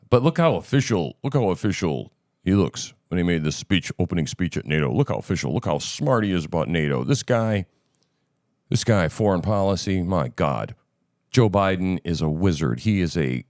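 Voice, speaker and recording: Man, host, sarcastic profane rant, low voice, swooping pitch. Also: darkish tone, no echo, studio quality. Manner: sarcastic, profane, emphatic ranting. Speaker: show host. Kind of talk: political commentary over clips.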